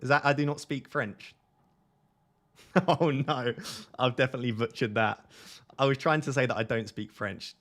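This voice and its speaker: Male stream host, mid pitch, casual and self-mocking while reading chat, desk mic at home. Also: steady tone, moderate pace, long pauses, a bit bright. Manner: jokey, self-mocking, reads chat aloud. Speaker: fantasy football streamer. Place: home at night.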